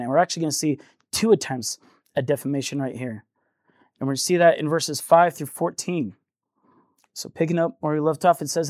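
A man preaching in an earnest, conversational tone, voice set a little high. He slips into the voices of the people in the passage as he explains it. The sound is dry and close, with little room echo. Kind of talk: sermon.

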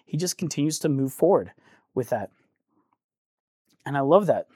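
A man's voice: a little high, animated, normal speed, darkish tone, husky, no echo, clean studio sound. A man preaching a sermon in a conversational, earnest way, acting out the voices of people in the text as he goes.

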